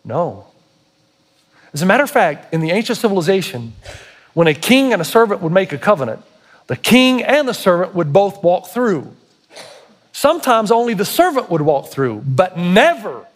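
A man preaching a sermon, building to emphatic, intense passages and acting out quoted prayers and speech. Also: high voice. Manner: acts out quoted prayers and God's words. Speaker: pastor.

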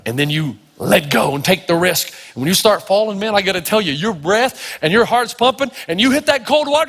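A man from Tennessee preaching a sermon, telling stories with lively energy and acting out the voices of the people in them. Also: high voice, fairly quick, hardly any pauses. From Tennessee, United States. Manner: animated storytelling, acting out voices. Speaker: pastor. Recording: reverberant hall.

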